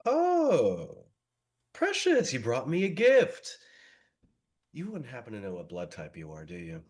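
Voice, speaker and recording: A man's voice: lowish voice, big pitch swings, unhurried, breathy edge, full character voice. A man voicing a suave, sinister male vampire doctor in a mocking, menacing tone. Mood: gleeful.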